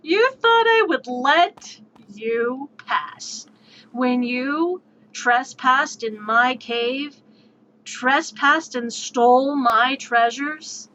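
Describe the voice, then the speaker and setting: A woman voicing an ancient, menacing male dragon in a slow, gloating delivery, on dull lo-fi stream audio. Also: sits high, sharp tone, slight background noise, full character voice.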